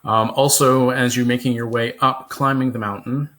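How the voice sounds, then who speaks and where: A man narrating as game master, relaxed and explanatory, with frequent fillers. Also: medium pitch, normal speed, a little hiss or hum.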